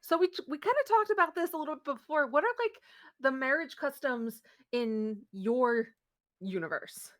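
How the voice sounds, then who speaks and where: A woman's voice: high voice, lively intonation, moderate pace. A woman playing a tabletop role-playing game, chatting in character and out with many fillers and restarts. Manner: rambling, giggly, full of fillers. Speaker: player.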